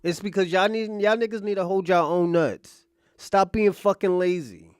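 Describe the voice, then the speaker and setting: A man's voice: high voice, normal speed, smooth, dry recording, clean studio sound. A man hosting reaction commentary, talking in a blunt, crude and mocking way. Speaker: host.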